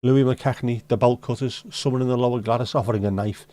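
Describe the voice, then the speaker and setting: Speaking fast in a medium-pitched, steady, dark voice, this Liverpool man runs a livestream from his home setup, recorded dry. He answers viewer comments casually, his Scouse banter blunt, sweary and laced with dry humour.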